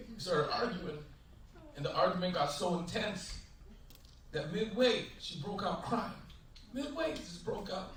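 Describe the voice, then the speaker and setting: A man performing a stand-up comedy set on stage, animated, acting out voices and shouting his punchlines. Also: sits high, unhurried, long pauses, distant mic. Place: large hotel ballroom, stage. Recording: loud echoey ballroom, heavy noise.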